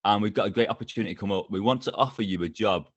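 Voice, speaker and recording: A middle-aged man, a podcast guest telling stories with lively energy and frequent laughs. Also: fairly low pitch, very fast, slightly rough, no room sound, lo-fi sound. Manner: energetic, animated, laughs often. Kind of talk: casual storytelling interview.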